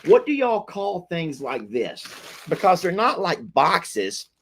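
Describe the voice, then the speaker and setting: A man's voice: high-pitched, big pitch swings, slow, gravelly, a bit bright, a little hiss or hum. A man hosting a casual live stream from home, chatty and giggly, rambling with frequent restarts. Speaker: livestream host. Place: home, indoors.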